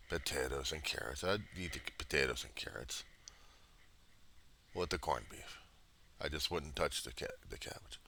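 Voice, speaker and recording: Low, sharp-toned rambling man. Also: no echo. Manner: grumbling, meandering, drops to muttering. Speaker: vlogger. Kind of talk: casual rambling monologue.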